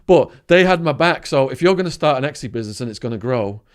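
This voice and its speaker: A man's voice: medium pitch, fast, clean tone. English man telling wild stories. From England, Widnes. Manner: animated anecdotes with swearing and sudden quiet asides. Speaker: guest. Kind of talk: storytelling in conversation.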